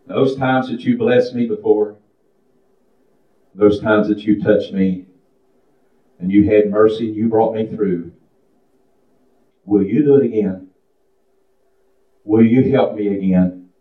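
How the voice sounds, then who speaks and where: A man's voice: on the low side, slow pace, long pauses. A man preaching a sermon in a folksy style that builds into a fervent chant. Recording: distant, echoey, muffled room recording.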